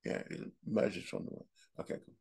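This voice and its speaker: A man's voice: normal speed, a little mellow. A man hosting a podcast, telling rambling, joking anecdotes in a casual monologue. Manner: rambling, joking storyteller who laughs at his own anecdotes. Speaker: podcast host.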